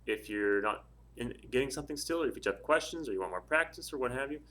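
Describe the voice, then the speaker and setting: Guy teaching spanish grammar at the board, mid-pitched voice, easygoing, lots of ums. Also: lively intonation, quick pace, bright, forceful tone. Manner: patient, step-by-step, with frequent fillers. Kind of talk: casual classroom explanation.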